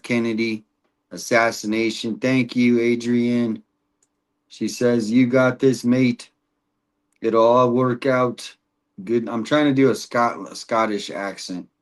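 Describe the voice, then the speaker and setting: A man hosting a casual livestream, rambling and reading viewer comments aloud. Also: mid-range voice. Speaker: livestream host.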